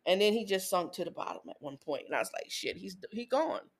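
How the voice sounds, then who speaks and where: This podcast co-host, a woman in her thirties, has a medium-pitched, creaky, husky voice and talks a little fast. In casual chat she tells a story animatedly, acting out quotes from her kids and her ex.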